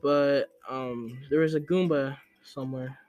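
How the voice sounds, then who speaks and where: A young man giving casual gameplay commentary, chatty and excitable, who scolds the game character in sudden yelps. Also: medium pitch, a little slow, highs cut off. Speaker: let's play gamer.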